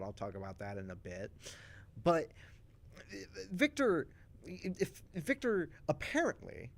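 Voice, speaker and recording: A man in casual chat, recapping soap opera plot twists for a stream with animated storytelling, frequent restarts and asides. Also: mid-range voice. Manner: acts out characters' lines in quick voices.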